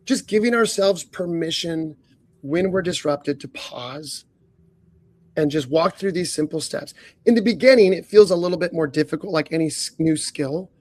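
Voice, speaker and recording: Earnest high-voiced man coaching on a podcast. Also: normal speed. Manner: earnest, clears throat often, stacks up rhetorical questions. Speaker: leadership coach, podcast co-host.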